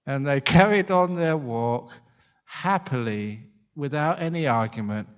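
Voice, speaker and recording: A man's voice: a little high, animated, unhurried, smooth. A man who is a monk giving a humorous dharma talk, joking and often laughing at his own stories.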